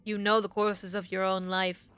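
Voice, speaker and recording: A woman voicing a gloomy female spirit of melancholy, reading game dialogue in a slow, solemn, low recitation. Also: flat delivery, fairly bright tone, clear, resonant tone, dry recording, lightly acted. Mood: grave.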